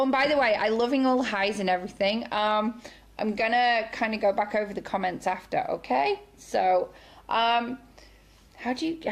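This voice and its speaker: A woman's voice: medium pitch, creaky. A chatty, bubbly woman leading a live video training call from home. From United Kingdom. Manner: bubbly and chatty, says "okie dokie". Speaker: sales team director. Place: home room with sunlight behind.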